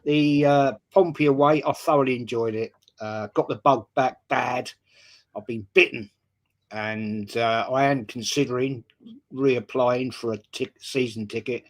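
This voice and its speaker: A man's voice: medium pitch, steady tone, a little slow. A man hosting a casual football chat show, greeting viewers by name and chatting loosely. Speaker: podcast host.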